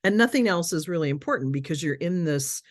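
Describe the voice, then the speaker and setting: A woman's voice: lowish voice, lively intonation, quick pace, dry recording. Empathetic woman podcast host, dry sound. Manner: empathetic, summarizing the guest's words. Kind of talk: conversational interview.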